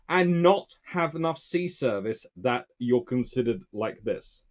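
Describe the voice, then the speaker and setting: A man's voice: fairly high pitch, normal speed, few pauses. A man giving a casual, emphatic spoken history lecture in a conversational way.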